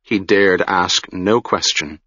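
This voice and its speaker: A man narrating a fantasy audiobook in a measured, deliberate storytelling manner. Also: low voice, sharp tone, no room sound, muffled recording.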